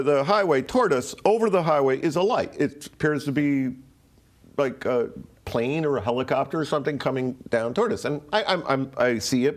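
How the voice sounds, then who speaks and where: A man in his sixties from Rhode Island, telling a personal story as an interview guest in a rambling way, full of "like", restarts and swearing. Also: a little high. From Rhode Island, USA. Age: 60s.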